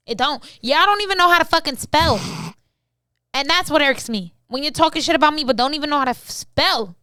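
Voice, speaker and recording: A woman's voice: high voice, animated, fairly quick, sharp tone, no room sound. A woman co-hosting a podcast, chatting casually in a brash, profane, joking way. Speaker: podcast co-host. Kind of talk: casual chat.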